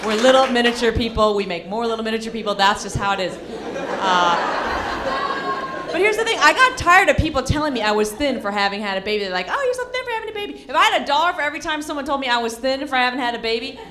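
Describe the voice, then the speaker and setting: A woman's voice: fairly high pitch, expressive, quick pace. A woman doing a sarcastic stand-up comedy set, mocking people in put-on voices. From Asian heritage. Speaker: stand-up comic. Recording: comedy club with loud crowd noise.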